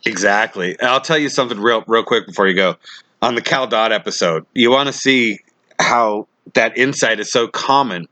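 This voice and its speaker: Lively bright-voiced male podcast host. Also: fairly low pitch, moderate pace, no room sound. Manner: animated, rambling storyteller. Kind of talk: casual interview chat.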